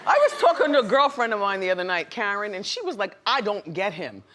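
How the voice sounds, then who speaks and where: A woman's voice: mid-range voice, very animated, fast, a bit bright. A woman hosting a talk show, chatting playfully and laughing often with her studio audience.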